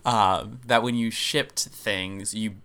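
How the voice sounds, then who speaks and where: A man with a deep, gravelly voice co-hosts a podcast and talks it through in an easy, explanatory way. He fills his pauses with ums. His tone is gritty but bright and forward. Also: fairly even intonation. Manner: explanatory, many filler ums. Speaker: podcast co-host. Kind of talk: casual storytelling podcast chat.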